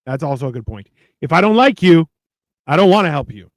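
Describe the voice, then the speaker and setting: This middle-aged cooking-stream co-host talks casually while cooking, telling vivid stories full of swearing and acted-out quotes. He speaks briskly in a fairly high voice, with no room sound.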